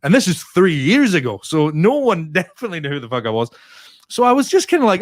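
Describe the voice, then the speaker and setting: A Scottish man tells a story in casual chat, his voice sitting a little high and swinging widely as he goes. He swears freely and keeps the tale moving. The sound is dry and close. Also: fast talker, dry recording. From Scotland. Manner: animated, sweary anecdote telling. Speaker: comedian guest.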